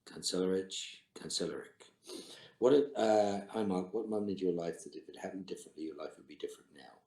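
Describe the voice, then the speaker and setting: A man's voice: deep voice, steady tone, fast talker, dark tone. A middle-aged man, an actor on a virtual fan Q&A, reading out fan questions and answering with dry, terse quips over a video call. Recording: roomy echo.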